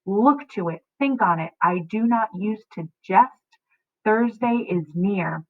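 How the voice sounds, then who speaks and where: A woman voicing a furious, domineering older lord scolding his daughter, loud and commanding. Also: slow pace. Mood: raging. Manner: booming, commanding, threatening. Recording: tinny phone-like audio.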